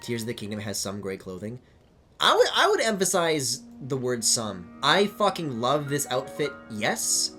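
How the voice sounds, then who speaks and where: A male streamer chatting casually over a video game, rambling and swearing. His pitch swings widely, jumping into high excited squeals. Faint game music plays behind him. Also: normal speed. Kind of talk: casual live-stream commentary.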